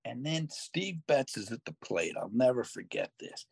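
Older man telling a lively story, dry sound. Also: mid-range voice, moderate pace, creaky, slightly rough, dry recording. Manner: animated storyteller, jumps between voices, self-mocking. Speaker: podcast host. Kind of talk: storytelling in casual chat.

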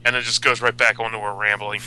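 Male panelist, sharp bright tone, crisp delivery, quick jokey asides. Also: on the low side, level tone, rough recording. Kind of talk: casual fan chat.

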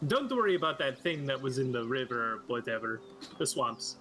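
A man's voice: medium pitch, sing-song, a little fast, sharp tone, soft background music. A man playing in a tabletop game, chatting casually and joking. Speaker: player.

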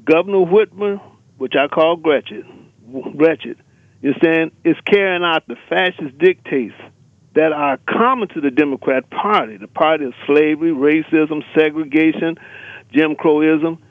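A male caller comes through a thin, tinny telephone line, his voice pitched fairly high and completely dry. He talks in a fiery, emphatic way, piling up rallying lists as he drives his point home. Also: normal speed, dry recording. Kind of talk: impassioned radio call-in rant.

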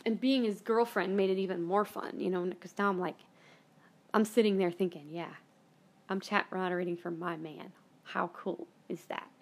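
A woman's voice: fairly low pitch, steady tone, moderate pace. A woman hosting a podcast, telling a personal story in a casual, emotional way. She sometimes swears, and at tender moments she drops into a whisper, close to tears. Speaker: podcast host.

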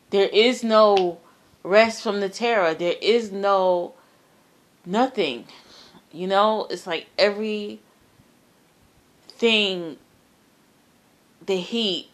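A woman shares a personal dream in slow, drawn-out phrases, her voice sitting a little low. She halts, repeats words and trails off softly, but turns emphatic when she stresses the terror. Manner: earnest, emphatic about the terror. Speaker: storyteller sharing a personal dream. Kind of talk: casual personal testimony.

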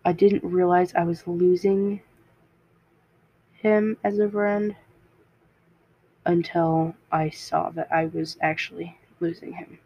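A woman's voice: on the low side, steady tone, takes it slowly, long pauses, mellow, breathy edge, no echo. Rambling teen girl on a cheap mic. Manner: rambling, self-interrupting, laughs at herself. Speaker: podcast host. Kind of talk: casual personal storytelling. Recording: dull lo-fi home mic.

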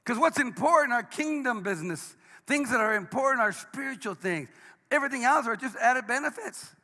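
A man, a pastor, preaching a sermon, swinging between hushed lines and shouted ones. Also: very high voice, expressive, a little fast. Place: church sanctuary. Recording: long hall reverb.

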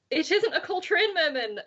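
Woman, high and bright; animated, laughing panelist; muffled lo-fi recording. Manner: animated, laughing, swearing, acting out quotes. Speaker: podcast panelist. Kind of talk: casual chat. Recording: dull lo-fi audio.

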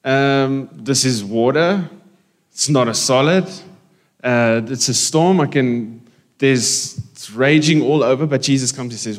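Pastor preaching in a reverberant hall. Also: male voice, mid-range voice. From South Africa. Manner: conversational, jokes with the congregation and slips into Afrikaans. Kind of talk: sermon. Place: church hall. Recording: long reverb of a church hall.

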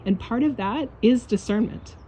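A woman's voice: fairly high pitch, normal speed, mellow, slight background noise. Blunt, emphatic woman giving a spiritual pep talk. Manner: blunt, emphatic, swears, laughs often. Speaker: spiritual coach. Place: outdoors in a yard.

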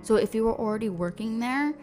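A woman's voice: a little high, expressive, quick pace, a little mellow, soft background music. A young woman guest on a podcast, talking casually with frequent laughs and fillers. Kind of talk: casual interview chat.

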